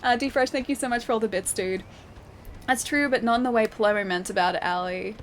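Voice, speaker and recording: A young Australian woman with a city accent streams a game, chatting casually, giggling and reading her chat aloud. She talks fast in a voice on the high side. Game music plays behind her, along with slight background noise.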